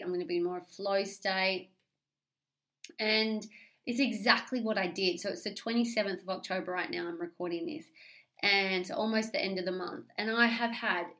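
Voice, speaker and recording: An Australian woman talking openly and at length in a solo podcast, confessional and animated, swearing freely and rambling with restarts. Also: mid-range voice. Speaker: podcast host. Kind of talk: candid solo podcast monologue.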